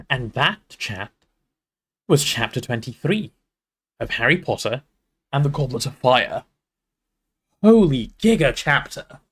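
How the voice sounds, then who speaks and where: Animated streamer, lively pitch. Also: male voice, slow pace, long pauses, husky. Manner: animated, swears casually. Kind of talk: reading a novel aloud and chatting on stream.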